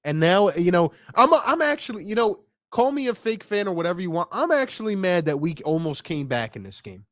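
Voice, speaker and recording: A young sports-fan streamer with a high-pitched, sing-song voice rips through a frustrated rant about his team's loss. Talking a little fast with few pauses, he barrages his chat with rhetorical questions; the post-game commentary has no echo.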